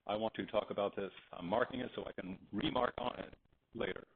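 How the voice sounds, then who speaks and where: A man's voice: on the low side, brisk, vocal fry, breathy edge. Male teacher lecturing on a tinny recording. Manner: animated, digressive, acts out anecdotes. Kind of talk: classroom lecture. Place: classroom.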